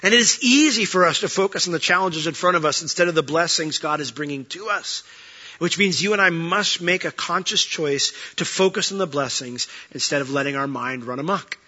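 A pastor preaching a sermon with expressive delivery, acting out quoted voices. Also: male voice, a little high, fairly quick, dull audio.

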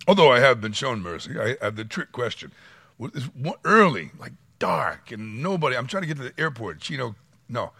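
A man's voice: medium pitch, very animated, brisk, bright, forceful tone, slightly rough, no echo. A man preaching a sermon, reading scripture and acting out quotes with dramatic swings. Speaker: pastor.

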